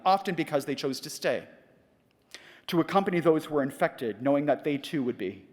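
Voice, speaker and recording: Reflective man lecturing in a hall. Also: on the high side. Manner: measured, reflective, with rhetorical questions. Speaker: conference speaker. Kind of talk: prepared lecture. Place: large conference hall. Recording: reverberant hall.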